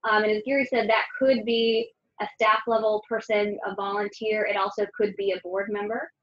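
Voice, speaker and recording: A woman's voice: medium pitch, flat delivery, normal speed. A woman moderating a webinar, summarizing points in a hesitant way with many fillers. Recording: dull lo-fi audio with faint noise.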